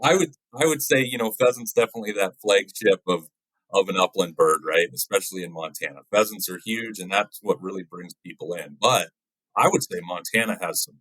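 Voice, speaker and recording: Low husky guy, biologist guest on a podcast, laid back, dry close mic. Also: a little fast, dry recording, low-quality recording. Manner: relaxed, often ends points with "right?". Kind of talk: casual interview chat.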